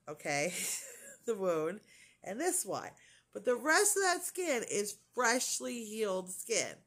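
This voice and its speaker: A woman's voice: mid-range voice, a bit bright. Chatty indignant middle-aged woman vlogger. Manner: chatty and indignant, quoting others, frequent likes and sighs. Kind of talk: casual storytelling vlog.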